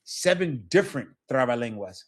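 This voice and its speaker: A man's voice: medium pitch, lively intonation, moderate pace, breathy edge. A man teaching a language class, explaining patiently and checking in with his students often. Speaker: Spanish teacher. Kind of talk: online class lesson.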